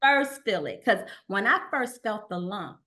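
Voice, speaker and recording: A woman guest on an interview show, telling her personal story in a halting way with restarts and quoted dialogue. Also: medium pitch, animated, sharp tone. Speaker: guest, cancer survivor.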